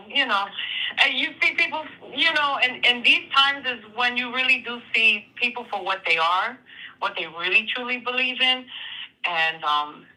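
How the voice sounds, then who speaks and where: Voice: medium pitch, sharp tone, low-quality recording. बहुत तीखी, चमकदार आवाज़ में झिझकती बातचीत. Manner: hesitant, measured, full of "you know" and "um". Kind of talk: casual chat.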